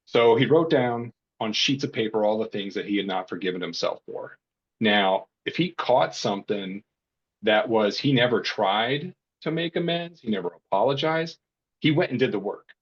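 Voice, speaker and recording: A husky man with a fairly low voice, a burnout coach guesting on a podcast. He tells his stories in a casual, animated way and slips into the voices of the people he quotes. The recording sounds dull and lo-fi. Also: normal speed. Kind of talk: casual storytelling.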